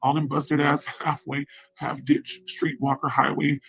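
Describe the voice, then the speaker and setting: A woman's voice: low voice, level tone, a little slow, vocal fry, a bit bright, rough recording. A woman in a profane, rambling angry rant, taunting and repeating herself.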